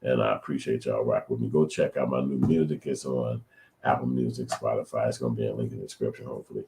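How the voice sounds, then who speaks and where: A man's voice: rumbling low, fairly even intonation, quick pace, vocal fry, background noise. A middle-aged man hosting his own channel, giving loose, rambling, slangy reaction commentary. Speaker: channel host.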